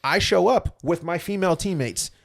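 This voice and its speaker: A man's voice: high voice, moderate pace, gravelly. A young adult man, a former Olympic athlete, chatting as a guest and telling stories animatedly. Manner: animated, acts out other people's voices. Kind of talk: casual storytelling chat.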